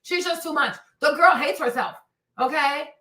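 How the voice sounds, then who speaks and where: A woman hosting a livestream, gossiping loudly and dramatically, with shrieks, laughter and Spanish phrases mixed in. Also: high voice, moderate pace, roomy sound, distant mic, poor audio. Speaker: livestream host. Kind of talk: casual gossip commentary.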